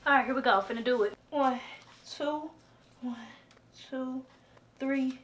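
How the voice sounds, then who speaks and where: A woman's voice: sits high, measured pace, fairly bright tone, a little hiss or hum. A woman talking casually in a home vlog, dramatic and laughing, often crying out that she is scared. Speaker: vlogger.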